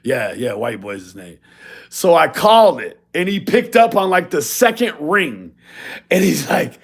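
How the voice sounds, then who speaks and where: A man's voice: a little high, very animated, a little slow, breathy edge. A man telling a profane, mocking story in a casual rant, often acting out other people's lines. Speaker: video blogger.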